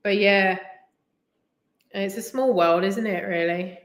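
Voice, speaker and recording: A middle-aged woman from the West Midlands of England, with an English accent, rambles casually on a live stream, peppering her talk with "like" and "you know." She's a delivery driver, and her mid-range, steady voice moves slowly through a roomy echo.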